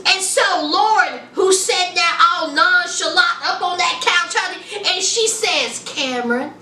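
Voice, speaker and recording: Sassy high-voiced woman reviewing a show. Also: measured pace, sharp tone. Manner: sassy, chatty, calls viewers honey and child. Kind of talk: casual TV review chat. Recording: echoey room, mic at a distance.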